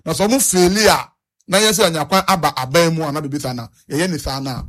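A Ghanaian man speaks in a high, earnest voice. He presses his points and repeats them as he moves between Twi and English. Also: quick pace, fairly bright tone. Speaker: interviewee. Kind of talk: street interview on national issues.

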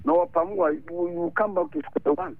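Gravelly man calling in. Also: high-pitched, moderate pace. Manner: animated, mixes local language with English. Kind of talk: radio call-in talk. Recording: lo-fi radio broadcast.

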